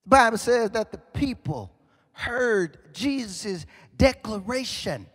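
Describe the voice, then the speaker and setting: A man preaching a sermon as pastor, rising into shouted, sing-song emphasis. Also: sits high, animated, slow, slightly rough. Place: church sanctuary. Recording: long hall reverb.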